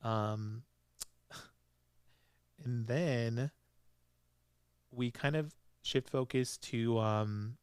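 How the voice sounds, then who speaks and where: Smooth-voiced man recapping a show. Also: medium pitch, drawn-out words, pauses often, dry recording, clean studio sound. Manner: casual, laughs often, lots of fillers. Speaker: podcast host. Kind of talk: solo podcast recap.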